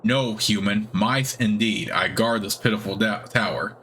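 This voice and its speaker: A man's voice: lowish voice, unhurried, noisy background, lightly acted. A bitter old male cat familiar grumbles about everything in a sullen, dismissive way, as a man reads him aloud. This is dialogue from a fantasy video game, read out during a playthrough. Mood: sulky.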